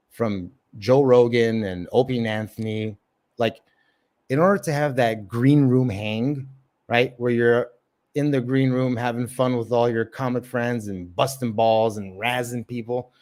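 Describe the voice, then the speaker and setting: A man's voice: mid-range voice, measured pace, a little mellow. A man who does open mic comedy, hosting a casual livestream chat and rambling with lots of fillers and swearing. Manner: rambling, profane, filler-heavy. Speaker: livestream host.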